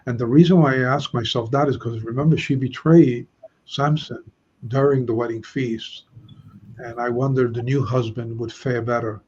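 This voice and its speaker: A man teaching a Bible study lesson, slowly explaining Hebrew grammar and stressing key words. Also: mid-range voice, fairly even intonation, dull audio, noisy background.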